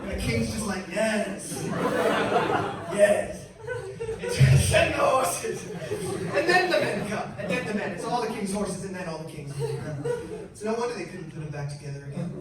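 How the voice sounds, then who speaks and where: A man in his thirties from Canada performing an animated stand-up comedy set on a club stage, storytelling with sudden shrieking character voices. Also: sits high, fast talker, a loud crowd. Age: 30s. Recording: echoey club, distant mic, loud audience noise.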